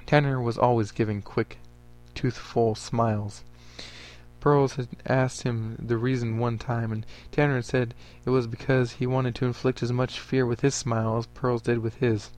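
A man narrating a story aloud for a podcast. His voice sits at an ordinary middle pitch, and his reading stays steady and even. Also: moderate pace.

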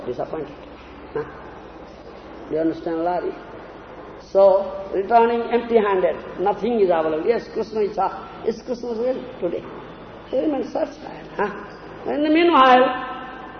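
A man preaching through a story, animated and often asking if listeners follow. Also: high-pitched, moderate pace, long pauses, a little hiss or hum. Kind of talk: storytelling sermon. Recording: echoey hall, dull lo-fi sound, faint ambience.

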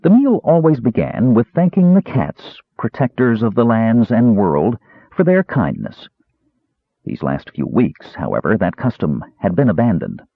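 A man narrating a fantasy audiobook in a measured, expressive storytelling manner. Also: fairly low pitch, slightly rough, dry recording. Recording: dry, tinny phone-like sound.

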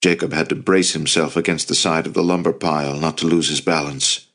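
Deep-voiced male audiobook narrator. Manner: measured, even storytelling. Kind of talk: scripted narration.

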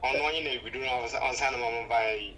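A man's voice: medium pitch, a little fast, pushed and bright, soft background music, low-quality recording. A man calling in to a radio chat, speaking hesitantly with short replies.

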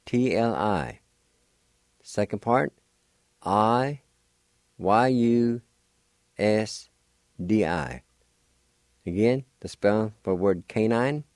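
Male radio language teacher and host, low voice, very slow and deliberate delivery, dry recording. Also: a little mellow, no room sound. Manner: slow, deliberate letter-by-letter spelling and pronunciation.

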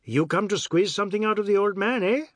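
Narrator doing a brash, melodramatic loudmouth in dialect, raised and pushy. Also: male voice, fairly high pitch, lively intonation, measured pace, no echo, clean studio sound, voice pushed up. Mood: breezy teasing. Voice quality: breezy, bawling, melodramatic. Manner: speaks in clipped island dialect. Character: brash loud middle-aged man, boastful then maudlin.

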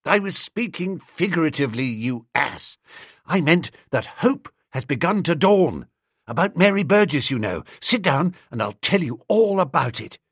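Guy doing a flustered young posh chap, quick and whiny, pitch all over. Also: sing-song, husky, dry recording, clean studio sound, exaggerated voice. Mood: excited. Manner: breezy, querulous, quick. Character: excitable, scatterbrained young gentleman.

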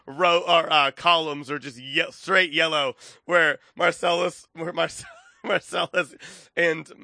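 A man's voice: a little high, fairly even intonation, takes it slowly, gravelly, sharp tone, no room sound, clean studio sound. A man on a podcast, rambling and self-deprecating, chuckling as he talks. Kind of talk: casual podcast banter.

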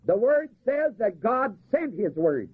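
Male preacher, husky and high, lively rise and fall, asks the room to finish his lines, tinny old recording. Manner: asks the congregation to fill in words, slows to stress key phrases. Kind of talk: sermon.

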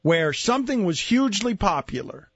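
A man hosting a sports talk radio show, arguing quickly and cutting in on his co-hosts. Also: high voice, big pitch swings, a bit bright, slightly rough, dry recording, highs cut off. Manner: quick, argumentative, interrupts.

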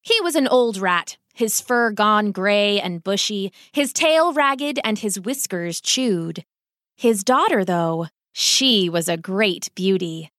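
A woman reading a children's storybook aloud in an expressive, gentle way. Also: medium pitch, slow pace, no room sound, studio quality.

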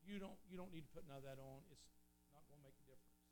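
A preacher telling an earnest story in a sermon, swelling loud and then dropping low. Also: male voice, fast, background noise. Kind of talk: sermon testimony.

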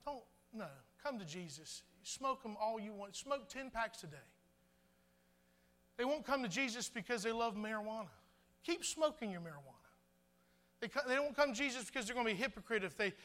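High, bright-voiced pastor preaching. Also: male voice. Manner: conversational preaching with stammered restarts and acted asides. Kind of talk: sermon.

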